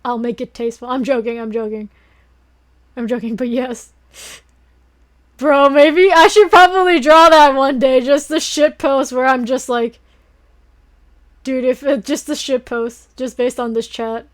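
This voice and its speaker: A young woman streamer rambling in a casual late-night chat, breaking into giggles and excited fangirling. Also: high-pitched, measured pace, long pauses.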